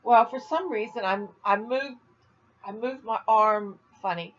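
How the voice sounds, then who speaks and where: A woman's voice: a little high, measured pace, muffled recording. An older woman from Florida chatting casually on a home video vlog, rambling and laughing at her own jokes. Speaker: vlogger. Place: at home, indoors.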